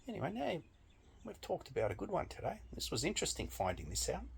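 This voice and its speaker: A man's voice: fairly high pitch, wildly swooping pitch, fast, vocal fry, a little hiss or hum. A man delivering a blunt, emphatic opinion monologue with frequent swearing. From Australia. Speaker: political commentator.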